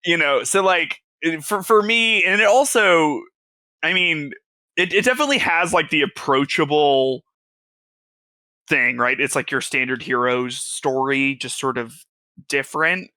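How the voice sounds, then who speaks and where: Casting: bright, slightly high male podcast co-host, hesitant filler-heavy chat, dry sound. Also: a little slow, dry recording. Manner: laughing often, hesitant with many fillers. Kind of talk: casual chat.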